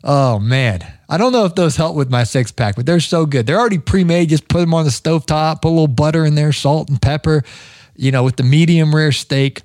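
A man's voice: on the high side, brisk, darkish tone, no room sound, clean studio sound. A man hosting a podcast, telling stories in a chatty, rambling way with lots of fillers. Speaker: podcast host. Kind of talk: casual spoken monologue. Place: lives in Georgia.

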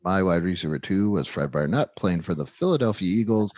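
Wry low-voiced man on a sports podcast. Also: animated, fairly quick, darkish tone, no room sound. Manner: wry, self-mocking about his own players. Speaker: podcast co-host. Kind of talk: casual podcast chat.

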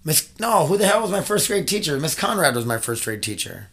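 A man's voice: a little high, very animated, a little fast, creaky, fairly bright tone. A man in his thirties hosting a casual podcast from home, talking loosely and rambling, with some swearing. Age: 30s. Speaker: podcast host. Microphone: desk mic.

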